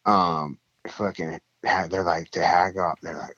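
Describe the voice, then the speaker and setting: A young man with a lowish voice tells a rambling, swear-filled story in casual chat. He gets animated and lifts his voice when he acts out what others said. The recording is dry and slightly dull. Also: unhurried, no room sound. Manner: profane, rambling, animated when quoting people.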